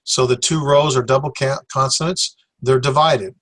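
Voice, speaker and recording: A man teaching a class in a plain mid-range voice. He talks in a halting way, full of fillers, and slowly sounds out syllables for his students. The recording is dry, with little room sound. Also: medium pitch, steady tone, fairly bright tone, no echo. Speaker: Greek teacher. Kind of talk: classroom lecture.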